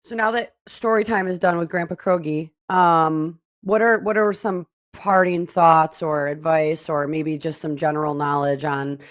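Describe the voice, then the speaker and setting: Teasing woman co-host, low voice. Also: steady tone, measured pace, hardly any pauses. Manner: teasing, playful. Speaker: podcast co-host. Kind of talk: casual podcast chat.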